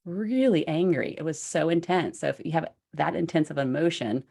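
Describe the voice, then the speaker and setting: A woman hosting a casual podcast conversation, animated and self-deprecating, laughing easily. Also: low voice, brisk, gravelly. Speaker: podcast host.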